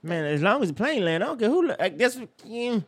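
A young man co-hosting a casual chat, animated and profane with loud outbursts, sounding tired. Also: high voice, a little fast, breathy edge. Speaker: podcast co-host.

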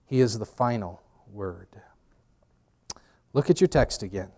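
A man preaching a sermon in a conversational way, swinging between hushed and emphatic lines, with pop-culture asides and self-deprecating humor. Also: fairly low pitch, expressive, a little slow. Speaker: pastor.

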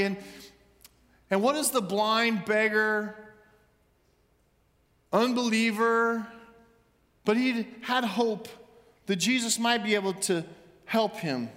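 A man preaching with a high, bright-pitched voice, moving from quiet, slow lines to loud shouted ones as he acts out scripture. The sound carries a long reverb, as in a large hall. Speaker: pastor. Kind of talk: sermon.

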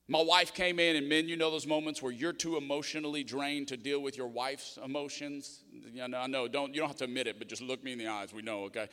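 A man's voice: on the high side, steady tone, brisk, sharp tone. A middle-aged man, a pastor, preaching a sermon and telling stories with self-mocking humor. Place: church auditorium. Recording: long reverb in a church hall.

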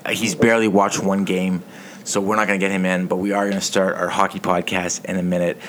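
A man's voice: low voice, level tone, a little fast, fairly bright tone, a little hiss or hum. A man hosting a casual sports podcast, telling stories in a rambling, swearing way. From Canada. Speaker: podcast host.

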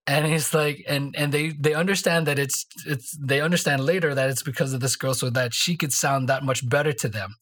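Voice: medium pitch, fairly even intonation, brisk, few pauses, fairly bright tone. A podcast co-host telling stories in a casual faith discussion, rambling along and tagging sentences with "right?". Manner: rambling storyteller, tags lines with "right?".

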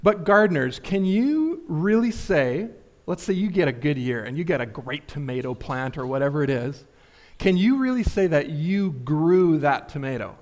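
Young male pastor, easygoing pulpit talker, pitched a touch high, peppers the sermon with "like" and "right?". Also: expressive, normal speed, darkish tone. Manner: casual, filler-heavy, asks rhetorical questions. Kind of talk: conversational sermon.

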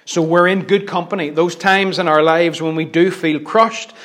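A middle-aged man preaching a sermon, impassioned, swinging between loud declarations and hushed lines. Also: fairly high pitch, fairly even intonation, moderate pace.

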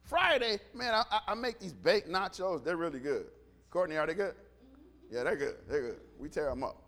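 A middle-aged man preaching a sermon, animated, swinging from quiet asides to shouts and acting out dialogue. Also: on the high side, moderate pace. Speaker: pastor.

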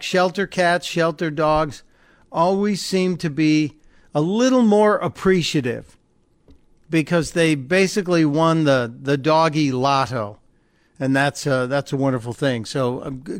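A man's voice: on the high side, unhurried, dry recording, studio quality. A man hosting a call-in radio talk show, chatting casually and joking with a caller. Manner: chatty, joking, laughs easily. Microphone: studio microphone.

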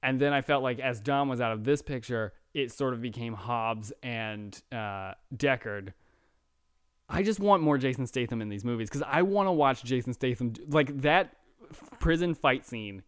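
A man's voice: mid-range voice, expressive, moderate pace, smooth, dry recording, studio quality. A young man co-hosting a casual podcast, chatting eagerly about a movie and explaining plot details. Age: young adult. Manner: eager, explains plot points, quotes characters in offhand voices. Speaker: podcast co-host. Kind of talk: casual movie review chat.

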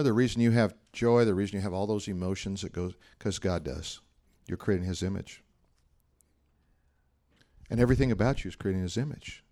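A man's voice: low-pitched, brisk, pauses often, warm tone. A man, a pastor, giving a sermon in a conversational, humorous style full of anecdotes.

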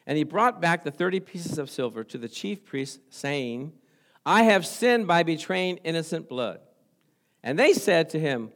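Chuckling conversational male pastor, slightly high voice. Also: very animated, normal speed. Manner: conversational preaching with frequent laughs and "praise the Lord". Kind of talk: sermon.

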